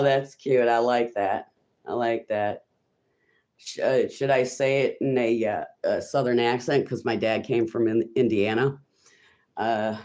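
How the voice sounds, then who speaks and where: A woman's voice: very deep voice, a little mellow. Rambling woman chatting on a live stream. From Illinois, USA. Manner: rambling and chatty, full of ums, answers viewers' comments. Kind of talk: casual live-stream chat.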